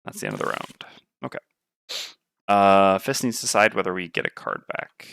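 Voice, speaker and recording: A man's voice: low voice, sing-song, moderate pace, gravelly, fairly bright tone, clean tone, no echo. A man playing a tabletop board game on stream, thinking aloud and weighing his moves. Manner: muttering, weighing options aloud.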